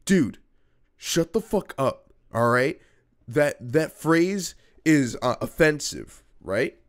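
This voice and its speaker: A man voicing an indignant emo teenage boy who snaps and shouts in outrage. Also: on the high side, expressive, slow pace. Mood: annoyed.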